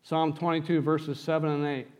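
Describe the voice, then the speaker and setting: A man's voice: a little high, level tone, normal speed. Man preaching a teaching sermon. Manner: teaching, reading scripture aloud. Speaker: pastor.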